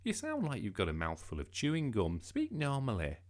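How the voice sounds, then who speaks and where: A man doing a brisk scolding mum. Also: medium pitch, huge pitch swings, pitched above the performer's own voice. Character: fussy, strict mother coaching her son.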